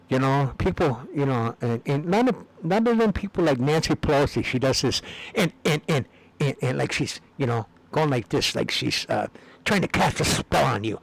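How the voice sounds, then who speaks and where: A man's voice: medium pitch, low-quality recording. A man talking in a rambling, casual monologue, meandering and repeating words with many fillers. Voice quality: gravelly. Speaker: video blogger.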